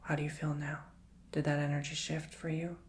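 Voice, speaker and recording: A man giving a soft-spoken, partly whispered ASMR tarot reading, talking gently and encouragingly and leading the listener through repeated affirmations. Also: fairly high pitch, monotone, fairly quick, slight background noise. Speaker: tarot reader.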